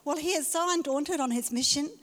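A woman's voice: sits high, brisk, a bit bright. A woman pastor preaching a sermon in a church, emphatic and repeating her key phrases. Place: church hall. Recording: reverberant church hall.

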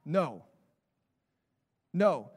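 Fired-up high-voiced male pastor preaching. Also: very slow, breathy edge, long reverb tail. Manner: animated preaching, builds to shouts, mock voices for examples. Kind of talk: sermon. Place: church sanctuary.

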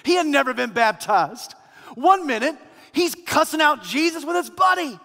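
A man preaching a sermon dramatically, swinging from shouts to near-whispers. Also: extremely high pitch, big pitch swings, moderate pace, creaky, long reverb tail.

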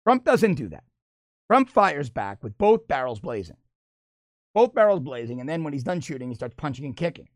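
A man delivering an opinion monologue as a political commentator, animated and mocking, often laughing as he talks. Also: on the high side, moderate pace, dry recording, clean studio sound.

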